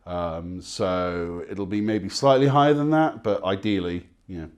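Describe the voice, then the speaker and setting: A man, a game developer, answering quick questions in a relaxed, casual way, often pausing with ums and uhs. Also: sits low, lo-fi sound. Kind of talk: casual rapid-fire Q&A.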